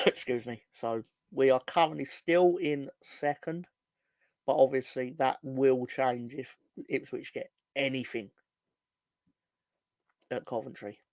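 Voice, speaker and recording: A man's voice: medium pitch, fairly even intonation, slow, long pauses, dry recording. A man co-hosting a casual football fan show, rambling and sardonic, swearing freely. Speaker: football podcast co-host.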